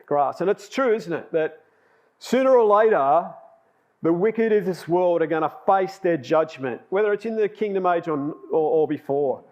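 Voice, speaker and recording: A man's voice: sits high, expressive, normal speed, darkish tone. A man giving a sermon, telling personal stories in a chatty way and laughing at himself. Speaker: lay preacher.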